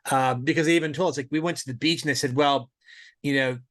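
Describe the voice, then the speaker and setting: A man's voice: fairly high pitch, fairly even intonation, rapid-fire. A man co-hosting a podcast in casual chat, a friendly listener who often chimes in to agree. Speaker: podcast co-host.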